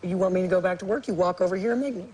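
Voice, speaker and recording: A woman's voice: on the low side, very fast, a little mellow, slight background noise, lightly acted, poor audio. An actress playing a tough, sarcastic female police detective in a TV drama. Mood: defiant. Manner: defiant, sarcastic.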